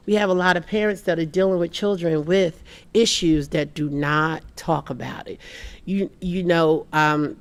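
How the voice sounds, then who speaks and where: A woman speaking on a panel about mental health. She talks earnestly, restarts often, and animates the people she quotes. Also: lowish voice. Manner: earnest, acts out quoted people in lively voices. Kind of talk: panel talk.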